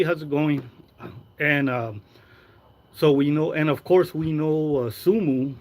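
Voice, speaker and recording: Male streamer, mid-pitched voice, crude gossip, rambling, slips into Spanish slang. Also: low-quality recording. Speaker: live-stream host. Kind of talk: casual gossip livestream.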